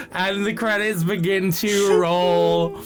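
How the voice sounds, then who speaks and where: A British man narrating as game master of a tabletop game, halting and full of fillers and laughs. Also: high voice.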